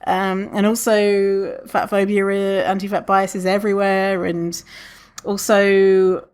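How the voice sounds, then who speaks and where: A woman's voice: slow pace, clear, resonant tone. Chatty swearing woman podcaster. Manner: chatty, swears freely, laughs often; animated, lots of restarts, acts out quotes in a higher voice. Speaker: podcast host. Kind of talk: casual solo podcast talk.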